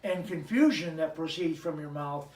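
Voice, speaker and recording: Chatty pastor man with a high voice. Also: moderate pace, a little mellow. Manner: joking, chatty asides to the congregation. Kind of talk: conversational sermon. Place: church sanctuary. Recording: echoey church, mic at a distance.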